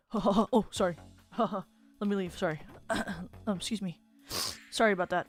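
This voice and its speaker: Young adult woman, casual game streamer, mid pitch, reads on-screen text aloud, laughs and swears easily, soft music behind. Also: brisk. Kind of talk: casual gameplay commentary.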